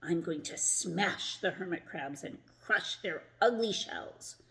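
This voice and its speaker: A woman voicing an angry small boy in a storybook, speaking low, breathy and flat. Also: takes it slowly.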